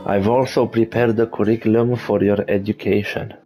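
A man's voice: fairly low pitch, level tone, moderate pace, dark tone, faint music behind, lightly acted, poor audio. A man reading as a stern motherly monster. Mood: gentle. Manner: reading game text aloud plainly. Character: motherly monster woman, gentle turning stern.

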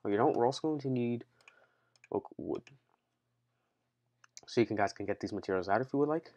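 This man's voice sits at medium pitch, moves fairly quickly, and has a slightly mellow quality. Still winded from a workout, he hosts a chatty Minecraft building tutorial, talking straight to viewers he calls "guys," counting the blocks out loud, and changing course mid-sentence in his unscripted narration.

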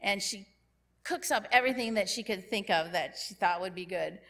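A woman giving a sermon in a church, telling a story in a lively way and acting out what the people in it say. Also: medium pitch, moderate pace. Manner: lively storyteller who acts out characters' lines. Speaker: church speaker. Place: church sanctuary.

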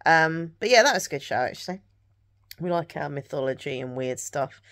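A chatty woman from England vlogs at home in the evening, her voice sitting a little low for a woman. She carries a Southern English accent and rambles loosely, with plenty of ums and likes. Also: animated, a little fast, fairly bright tone. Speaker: vlogger. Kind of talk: casual chat to camera.

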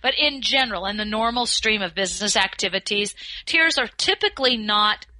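A woman who is a communication skills expert, answering podcast interview questions in a measured, articulate way. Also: mid-range voice, lively intonation, sharp tone, no echo, poor audio. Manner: measured, advice-giving, articulate.

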